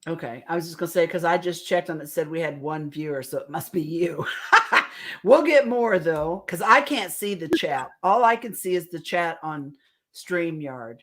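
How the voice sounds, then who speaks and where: A woman co-hosting a paranormal talk stream, telling stories excitedly with frequent laughter and casual swearing. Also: fairly low pitch, normal speed. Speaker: paranormal investigation podcast co-host. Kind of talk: casual chat.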